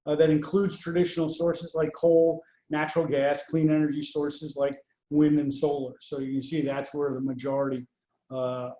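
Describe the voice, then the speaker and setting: A man presenting poll results over slides in a measured way, with many fillers between the figures. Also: fairly high pitch, dark tone, roomy sound. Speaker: pollster presenting survey results.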